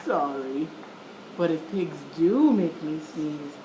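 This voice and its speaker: A woman voicing a gentle, worried male elephant who frets and sneezes theatrically, in a storybook read-aloud. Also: low voice, lively intonation, slow, pitched below the performer's own voice. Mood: dramatic. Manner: fretful, with big theatrical sneezes. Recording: echoey room with background noise.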